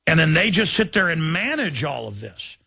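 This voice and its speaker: A man's voice: fairly high pitch, sing-song, normal speed, creaky, sharp tone, slightly rough, dry recording. A man hosting a talk radio show, delivering an urgent, indignant monologue and pleading with his listeners.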